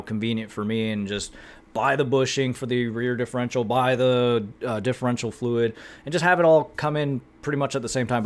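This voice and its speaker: An American man chats to his viewers in a loose, rambling vlog style. He fills pauses with ums and uhs and drifts between topics casually. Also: medium pitch. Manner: rambling, chatty, many fillers. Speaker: YouTuber. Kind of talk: casual vlog talk to camera.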